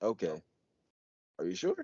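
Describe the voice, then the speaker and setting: Brief: low, lively male podcast co-host, argumentative, dry dull lo-fi sound. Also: unhurried, gravelly, husky, dry recording. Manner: animated, argumentative, reads lyrics aloud. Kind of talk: casual podcast debate.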